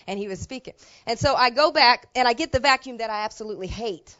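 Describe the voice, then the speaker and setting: A woman pastor telling a personal story in a sermon, talking in a plain, colloquial way that drops to quiet asides and rises to loud emotional bursts. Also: on the high side, brisk, dull audio. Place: church sanctuary.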